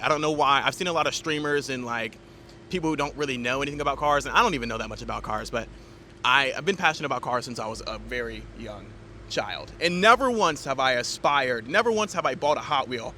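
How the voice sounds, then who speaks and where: A man's voice: mid-range voice, pushed and bright, a little hiss or hum. A man giving a casual, rambling car review vlog from inside a car, with lots of fillers and restarts. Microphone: camera mounted in the car.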